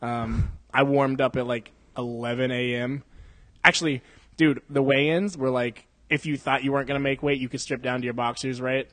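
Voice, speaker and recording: A man's voice: medium pitch, level tone, moderate pace, a bit bright, no echo. Foul-mouthed man hosting a podcast, dry sound. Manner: profane, laughs often, mimics voices in quotes. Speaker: podcast host. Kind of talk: casual podcast chat. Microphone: studio condenser mic.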